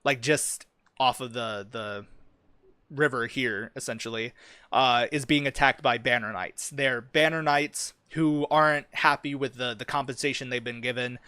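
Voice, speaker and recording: A man's voice: medium pitch, fairly even intonation, moderate pace, pushed and bright, clear, resonant tone, dry recording. A young man streaming, chatting casually and with plenty of swearing about the fantasy story he is writing, full of ums and likes.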